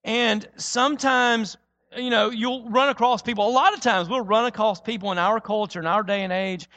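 A man preaching a sermon, dramatic, moving between loud emphatic lines and quiet, low-spoken ones. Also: fairly even intonation, normal speed. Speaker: pastor. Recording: long reverb of a large hall.

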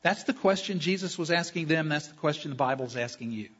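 A fairly high, husky male voice delivering a sermon at a church service. He is emphatic, stacks up long lists and slows down to stress key phrases. The recording is dull and lo-fi. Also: lively intonation, a bit bright. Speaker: pastor.

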